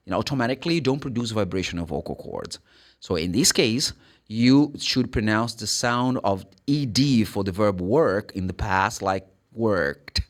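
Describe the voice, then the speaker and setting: A man with a Brazilian Portuguese accent teaching English pronunciation, spelling out letters and sounding them out. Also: medium pitch. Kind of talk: pronunciation lesson.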